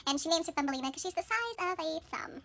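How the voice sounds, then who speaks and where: A young woman gives a breezy, chatty synopsis of a film and acts out the characters as she goes. Her voice is high and bright, and she races along. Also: lively intonation, quick pace. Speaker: book and film vlogger.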